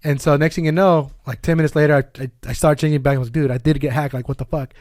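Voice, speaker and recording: A man co-hosting a casual gaming podcast, telling a story fast and animatedly, with swearing and laughs. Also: fairly high pitch, steady tone, a little mellow, dry recording, clean studio sound. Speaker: podcast co-host. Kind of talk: casual chat among friends.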